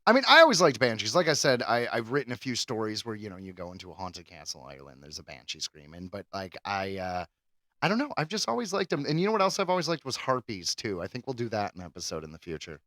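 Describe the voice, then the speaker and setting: A man co-hosting a podcast in casual chat, animated and rambling, with crude jokes. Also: on the low side, quick pace, no echo. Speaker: podcast co-host.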